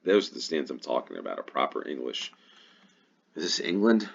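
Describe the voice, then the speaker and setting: Very deep, gravelly American man. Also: sing-song, a little fast, muffled recording. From United States. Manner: musing aloud, thinking to himself. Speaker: gaming YouTuber. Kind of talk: casual play-along commentary.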